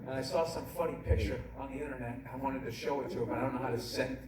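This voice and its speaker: A man's voice: mid-range voice, rapid-fire, heavy background noise. A middle-aged man doing a stand-up comedy routine, ranting and cursing with self-mocking storytelling. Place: large indoor comedy venue. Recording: distant echoey live hall, loud crowd. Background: roaring audience laughter.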